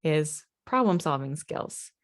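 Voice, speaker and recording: A woman's voice: low voice, lively intonation, takes it slowly. A woman hosting a parenting conversation, earnest and speaking straight to parents as she sums up the advice. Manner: earnest, addresses parents directly, sums up points. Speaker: host. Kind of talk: casual podcast chat.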